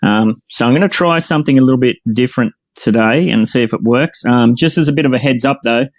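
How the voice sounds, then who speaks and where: A man's voice: mid-range voice, quick pace, dry recording. An Australian man hosting a casual online voice-chat show, laid-back and chatty, calling people mate. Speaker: host.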